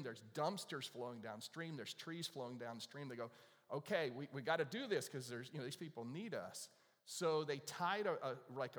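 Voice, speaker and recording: Male pastor, storytelling sermon, asks the crowd questions, long echo of a big church hall. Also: a little high. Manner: animated, asks the audience questions. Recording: long reverb of a large hall.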